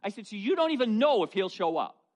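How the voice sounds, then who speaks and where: A middle-aged male pastor preaching a sermon, telling folksy personal stories in an animated way. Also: high-pitched, fast talker. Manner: storytelling, animated, folksy asides.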